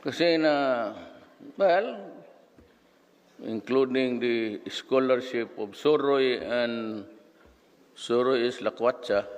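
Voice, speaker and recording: A man in his seventies with a Filipino accent, telling rambling anecdotes and acting out voices, heard with a long hall reverb. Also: medium pitch. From Philippines. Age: 70s. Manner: code-switching storyteller, acts out voices.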